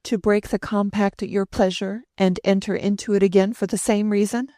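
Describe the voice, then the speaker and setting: A woman's voice: mid-range voice, steady tone, moderate pace, warm tone, no room sound, studio quality, pitched above the performer's own voice, close to an everyday voice. Haughty older society lady, read by a woman. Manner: haughty, pointed.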